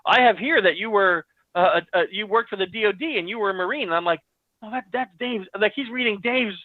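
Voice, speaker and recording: Excitable high-voiced man on a tinny line. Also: fast, no echo. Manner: excited, acts out quoted dialogue. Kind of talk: animated storytelling. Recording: dry tinny phone-like audio.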